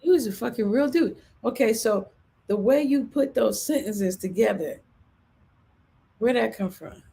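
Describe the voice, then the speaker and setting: A man hosting a casual interview, excitable and swearing freely while he reacts to his guest. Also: high voice, unhurried, gravelly, breathy edge. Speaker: interview host.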